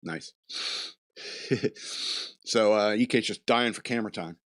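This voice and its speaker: A man's voice: on the low side, unhurried, a bit bright. A man hosting a casual chat show, rambling from thought to thought with chuckles in between. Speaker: podcast host.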